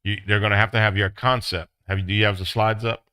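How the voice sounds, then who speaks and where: A middle-aged man teaching a business class, acting out excited quotes in a high voice. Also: fast, smooth, no echo. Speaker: business instructor. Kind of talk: classroom lecture.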